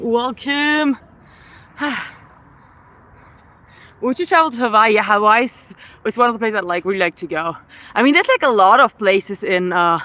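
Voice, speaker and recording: A woman live-streaming her outdoor workout, chatting with viewers and counting reps out loud, a little winded at times. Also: medium pitch. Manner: chatty, reads viewer comments aloud between sets. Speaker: fitness vlogger. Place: outdoors in a city. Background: faint traffic and street noise.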